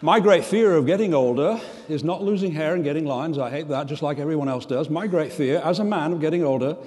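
An older man giving a humorous keynote speech, with a deadpan, self-deprecating delivery. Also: a little high, brisk, in a large hall. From Australia. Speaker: keynote speaker. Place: large conference hall.

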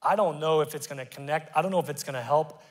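A middle-aged male pastor preaching with fervor, rising to loud emphatic calls and dropping to quiet, confessional tones. His voice sits a little high for a man. The sermon rings out through a large church hall with a long reverb tail. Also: quick pace. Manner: passionate preaching, swinging from loud to hushed.

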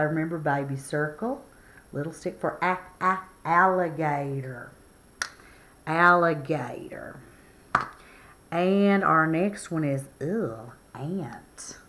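A woman's voice: low-pitched, fairly bright tone, a little hiss or hum. Sing-song woman teaching phonics to children. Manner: sing-song, playful, encouraging.

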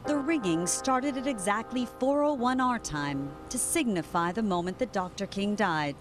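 A woman giving a news field report in clear, even narration. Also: medium pitch, normal speed, music in the background.

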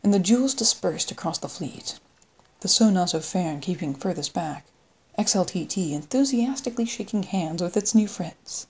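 Low husky woman narrating. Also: moderate pace. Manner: steady storytelling read. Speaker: audiobook narrator. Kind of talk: scripted narration.

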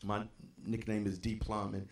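Gravelly pastor preaching in an echoey church. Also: male voice, fairly low pitch, monotone, moderate pace. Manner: impassioned preaching that drops to near-whispers, repeats phrases for emphasis. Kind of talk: sermon. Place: church sanctuary.

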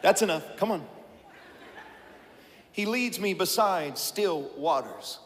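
A male pastor preaching a sermon, dropping to a hush and rising to shouts, acting out a scene on stage. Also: high voice, animated, slow pace, long reverb tail. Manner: swings from hushed to shouting. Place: church sanctuary.

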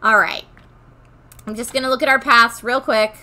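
A woman's voice: a little high, fairly even intonation, moderate pace, pushed and bright. A woman giving casual, reactive commentary over a video game playthrough, talking back to the screen. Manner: reactive, chatty, talks to the game. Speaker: gaming streamer.

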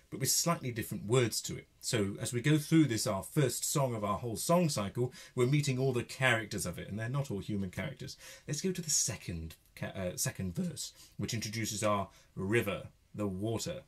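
A man's voice: mid-range voice, lively intonation, moderate pace, husky. A man leading a group singing lesson, coaching and encouraging his singers. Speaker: singing workshop leader. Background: piano playing.

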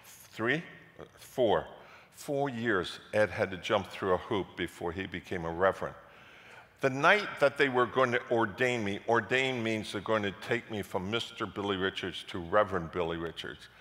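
Male pastor, low-pitched, forceful delivery in a reverberant sanctuary, storytelling sermon. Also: normal speed. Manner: animated storytelling, repeats words, rises to loud passionate peaks. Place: church sanctuary. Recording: echoey church hall.

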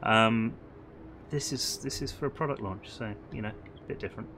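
A relaxed British man chats with friends while gaming, dropping dry jokes. His tone is bright and forward, with a faint hum of noise behind. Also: on the low side, normal speed. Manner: laid-back, dry joking. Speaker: gamer streaming with friends. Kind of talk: casual game-stream chat.

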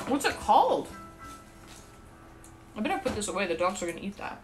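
A woman's voice: mid-range voice, very animated, fairly quick, pauses often. Chatty woman streamer, faint music behind. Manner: chatty, talks straight to viewers. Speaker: live streamer. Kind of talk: casual livestream chat.

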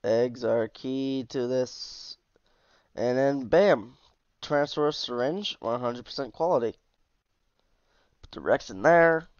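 A man's voice: medium pitch, slow pace, pauses often, clean tone, no echo, muffled recording. A man casually commenting as he shows off a game mod, easygoing and chatty, sounding tired. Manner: chatty, easygoing, with asides and trailing off. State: tired, yawning. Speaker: mod reviewer.

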